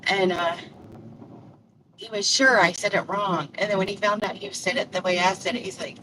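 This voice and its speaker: A woman's voice: mid-range voice, steady tone, a little fast. Older Kentucky woman, country accent, rambling chatty delivery driver streaming from her car, mic a bit far off with faint road noise. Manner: rambling, chatty, self-deprecating. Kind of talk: casual chat. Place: in a car while driving.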